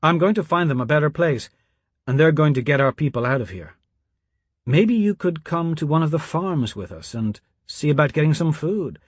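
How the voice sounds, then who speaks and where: A man's voice: fairly high pitch, expressive, moderate pace, slightly rough, no echo, clean studio sound, pitched above the performer's own voice. A man voicing a determined, practical young woman who urges an old priest to come along. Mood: urgent. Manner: firm, urging.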